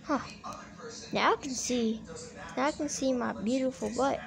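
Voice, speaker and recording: A woman's voice: high-pitched, unhurried, vocal fry, a crowd in the background. A woman giving silly, playfully dramatic commentary while playing a horror game, joking her way along. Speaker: game video creator.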